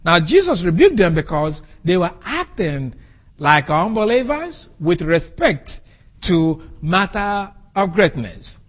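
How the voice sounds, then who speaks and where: A man preaching an expository sermon from the pulpit, speaking deliberately and stressing key words for emphasis. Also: high-pitched, sing-song. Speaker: pastor.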